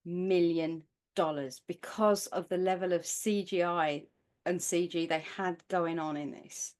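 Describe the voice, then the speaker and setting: A woman's voice: on the low side, steady tone, measured pace, a little mellow. A woman with a Northern English accent co-hosting a casual podcast, chatty and blunt, swearing offhandedly. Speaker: podcast co-host. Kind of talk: casual chat.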